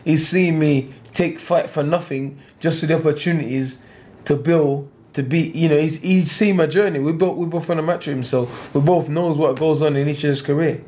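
A man's voice: on the high side, fairly even intonation, moderate pace, a little mellow. A man, a boxer talking bluntly and getting heated in an interview, repeating himself. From England. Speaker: professional boxer.

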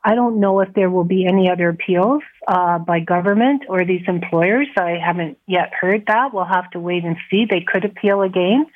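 A woman talks earnestly on a radio call-in, her voice a little low. She corrects herself often and laughs softly. The line is tinny and thin, like a telephone. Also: moderate pace, few pauses. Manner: earnest, with restarts and soft laughs. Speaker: nurses' union president. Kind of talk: radio interview over the phone.

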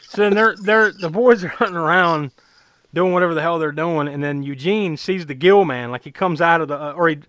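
A man's voice: fairly high pitch, a little fast, a bit bright, dry recording. A man casually recapping a movie plot, rambling with lots of fillers and frequent laughter. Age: adult who was eight or nine when the film was new.

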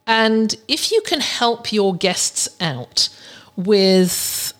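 A woman hosts her own podcast and talks listeners through practical tips. Her voice sits at a middle pitch, and her delivery is loose and chatty. She often restarts her sentences and fills pauses as she goes. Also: lively intonation. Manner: chatty, with frequent restarts and fillers. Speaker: podcast host. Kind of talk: casual advice talk.

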